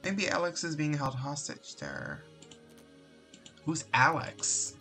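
A gamer talks through a play session in a loose, mumbling way, often dropping into exasperated outbursts. The voice rises and falls a great deal but the talk stays slow and unhurried. Quiet game music sits in the background. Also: medium pitch, wildly swooping pitch. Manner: mumbles, trailing off; frequent exasperated exclamations and swearing. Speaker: Roblox gameplay streamer. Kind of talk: casual gameplay commentary.

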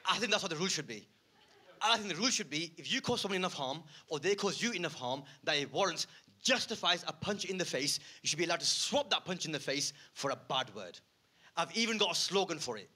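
A man performing live stand-up, swinging from muttered asides to loud rants. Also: a little high, expressive, fast, breathy edge. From United Kingdom. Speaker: stand-up comedian. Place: theatre stage.

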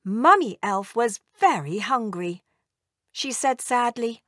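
A woman reading a children's storybook aloud in a gentle, expressive way. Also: mid-range voice, slow pace, no echo, clean studio sound.

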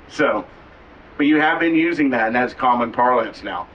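A man from Oklahoma gives a relaxed outdoor talk as a tribal cultural educator, teaching phrases and joking with his listeners. He sounds distant from the mic, with faint noise behind him. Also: mid-range voice, moderate pace, highs cut off. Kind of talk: outdoor talk to a visiting group. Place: outdoors at a waterfall site.

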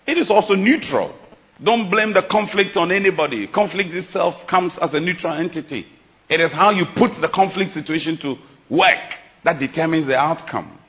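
A man's voice: a little high, normal speed, a bit bright. A middle-aged man preaching a sermon, emphatic and dramatic, his volume rising and falling sharply. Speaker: pastor.

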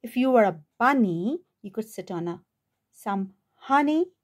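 A woman's voice: a little high, lively intonation, unhurried, darkish tone. A woman voicing a cheerful male dog who playfully teases, in a children's picture book reading. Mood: teasing. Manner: playful, teasing.

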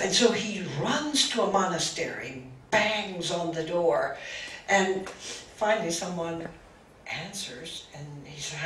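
Woman spiritual teacher, unhurried storytelling, halting restarts, distant echoey recording. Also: mid-range voice, animated, fairly bright tone. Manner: slow, halting, with many restarts. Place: meeting room. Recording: roomy, distant mic, faint hiss.

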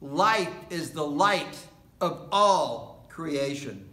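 A man preaches in a bright, fairly high voice, taking his time and leaning on repeated words. His delivery is slow and deliberate, with long pauses. The sound carries the echo of a large indoor worship space. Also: expressive. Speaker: pastor. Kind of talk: sermon.

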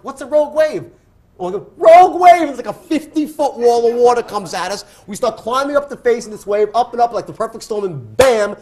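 A man in his fifties with a New York accent, telling a wild story on stage as an interview guest, loud and laughing, acting out the other voices. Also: a little high. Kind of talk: animated storytelling.

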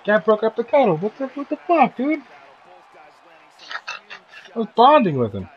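A man's voice: very high-pitched, huge pitch swings, normal speed, husky, highs cut off. A young man commentating his own fighting-game match, swearing and joking at the computer opponent. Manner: loud, profane, jokey trash talk at the game. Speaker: gaming video host. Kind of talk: profane gameplay commentary.

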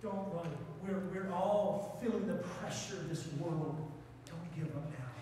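A man's voice: high-pitched, unhurried, mellow, distant mic, a little hiss or hum. A man with an Appalachian accent preaching a sermon as pastor, with fervent, repetitive exhortations. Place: church sanctuary. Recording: echoey church hall, mic from afar.

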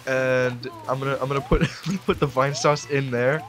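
A young man in his late teens giving rambling let's play commentary into a desk mic, breaking into sudden excited yelps. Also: medium pitch, fairly quick, soft background music. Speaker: gamer.

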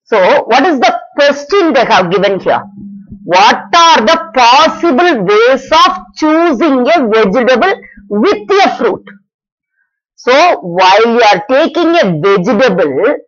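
A woman's voice: high-pitched, sing-song, a bit bright. A woman teaching a math lesson, asking questions and answering them herself, repeating each step. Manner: slow, repetitive, asks and answers her own questions. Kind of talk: classroom lesson explanation. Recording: dull lo-fi recording.

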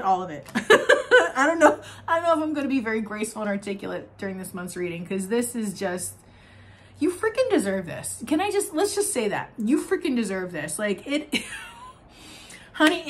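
Gushing, excitable woman giving a card reading. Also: fairly high pitch, a little hiss or hum. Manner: gushing, excitable, laughs often, trails off mid-sentence. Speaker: tarot card reader. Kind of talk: intuitive oracle card reading to camera.

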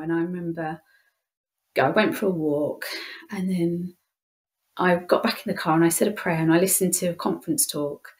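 Soft-spoken English woman sharing a story. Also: lowish voice. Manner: heartfelt storytelling with frequent restarts. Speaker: interview guest, youth leader. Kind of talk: conversational interview.

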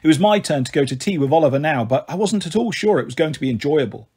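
Male storybook reader, animated, slightly husky. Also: on the high side, fast. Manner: expressive, voicing characters. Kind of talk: reading a children's novel aloud.

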